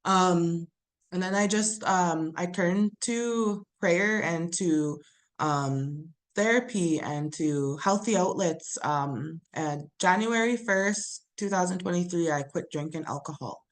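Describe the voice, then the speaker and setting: A woman, a college student, giving an earnest, halting personal testimony over a video call. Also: on the low side. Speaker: college student sharing her story.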